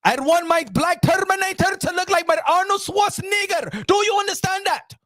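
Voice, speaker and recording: A man's voice: extremely high pitch, moderate pace, no room sound, clean studio sound. A man doing a comic impression of a scheming, bossy middle-aged boxing promoter who barks demands and repeats himself. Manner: demanding, repeats questions, bursts into shouts.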